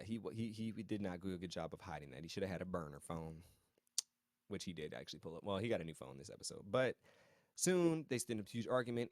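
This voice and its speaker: Man, casual TV recap host, slangy, chatty asides, occasional chuckles, lowish voice. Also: no room sound, studio quality. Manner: chuckles now and then while talking. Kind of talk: casual episode recap and reaction.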